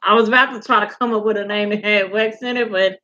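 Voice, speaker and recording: A woman, hosting a show and chatting casually, animated and swearing freely. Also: mid-range voice, fast, muffled recording. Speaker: podcast host. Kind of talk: casual chat.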